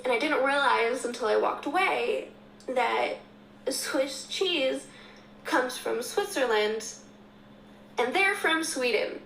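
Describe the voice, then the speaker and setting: Brief: female storyteller, deadpan, high with vocal fry. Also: takes it slowly, reverberant, slight background noise, rough recording. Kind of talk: storytelling clip.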